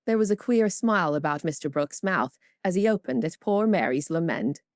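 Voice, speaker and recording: In clean studio sound with no echo, a woman of fairly low pitch reads an audiobook script. Her storytelling delivery stays even and measured.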